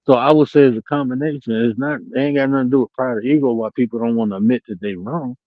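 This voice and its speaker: A man talking bluntly and profanely from home on a live-stream panel, telling animated stories with laughter. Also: mid-range voice, quick pace, no room sound, phone-quality sound.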